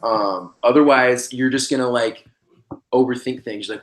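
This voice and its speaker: Speaking unhurriedly in a medium-pitched voice with fairly even intonation, this former reality show contestant is a young podcast guest. He keeps things laid-back and slangy, rambling along with lots of fillers.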